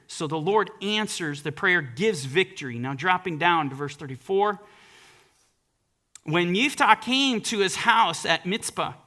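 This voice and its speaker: Bright, high-voiced male preacher. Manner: earnest, emphatic, reads scripture aloud. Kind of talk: sermon.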